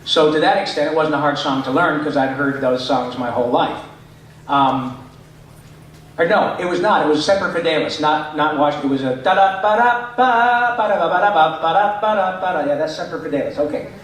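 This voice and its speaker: A man's voice: fairly high pitch, fairly even intonation, moderate pace, a bit bright. A middle-aged man, a voice actor, chatting to fans at a convention panel with plenty of fillers. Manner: chatty, rambling, with many fillers. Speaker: voice actor answering fan questions. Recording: echoey hall, distant mic.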